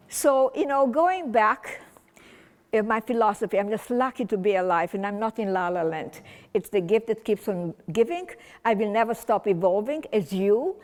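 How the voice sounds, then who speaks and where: A woman's voice: medium pitch, darkish tone, big-room sound. An older woman from Transylvania giving a chatty, whimsical public talk to a community audience, rambling with restarts. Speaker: guest speaker. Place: large community hall.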